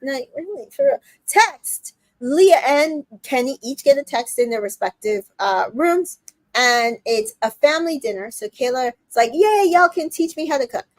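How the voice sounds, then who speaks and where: A woman hosting a casual recap chat, retelling scenes and quoting the cast in quick put-on voices, with plenty of fillers. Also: high voice, expressive, dry recording. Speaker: podcast host recapping a reality show.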